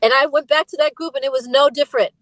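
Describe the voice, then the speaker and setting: A woman in her fifties talks frankly as an interview guest, emphatic and aggrieved. Her voice sits high. The recording is dry, with no room sound. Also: fast talker, a bit bright, no room sound, poor audio. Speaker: interview guest, former group singer. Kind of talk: candid interview.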